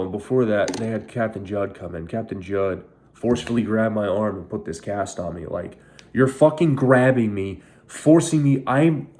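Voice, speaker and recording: A young man with a low, mellow voice tells his own story straight to camera. He sounds bitter and angry and swears constantly. He talks like a veteran venting about how he was treated. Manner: angry, heavily profane, bitter. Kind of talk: emotional first-person storytelling.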